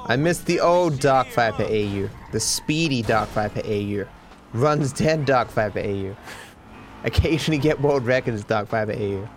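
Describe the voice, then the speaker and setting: A man's voice: mid-range voice, lively intonation, moderate pace, slight background noise. A young man, a streamer rambling casually, candid and self-deprecating, swearing freely.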